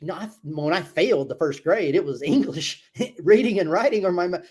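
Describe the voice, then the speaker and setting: A middle-aged American man, an army veteran, answering interview questions in a halting way with many restarts and self-deprecating laughs. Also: high voice, animated, darkish tone, breathy edge. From United States. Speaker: guest, army veteran and author. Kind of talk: casual interview chat.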